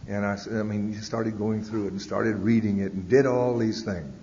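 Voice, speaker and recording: Man, low voice, plainspoken storyteller at a podium, echoey hall on dull old tape. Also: steady tone, normal speed, mellow, a little hiss or hum. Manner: storytelling, frequent "uh" and "you know", blunt language. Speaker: speaker at a recovery convention. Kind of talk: personal testimony talk.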